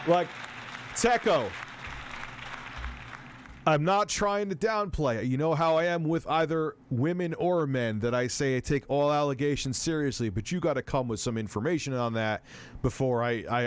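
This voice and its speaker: A male streamer talks loosely through his reactions, full of false starts, tangents and casual profanity. His voice sits at an ordinary middle pitch, with a faint hiss behind it. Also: fairly quick, some chatter behind. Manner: rambling, profane, self-interrupting. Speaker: host. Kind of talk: casual livestream commentary.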